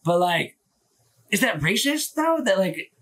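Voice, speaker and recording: Talking into his phone on a live stream, a man rambles casually, full of opinions, filler words and curses. His voice sits high and fairly bright, with big swings in pitch, and he keeps a measured pace.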